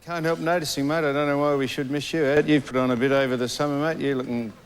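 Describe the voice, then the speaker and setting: A man's voice: a little high, flat delivery, fast talker, clean tone. A man playing a commentator, ribbing a guest in a mock-stern way on a live panel show. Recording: studio audience and noise.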